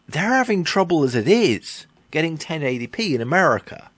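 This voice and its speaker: A man's voice: fairly high pitch, big pitch swings, slightly rough, no echo. A man ranting in a tech vlog, blunt and exasperated, swearing casually and correcting himself as he goes. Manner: halting with fillers and self-corrections. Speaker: vlogger.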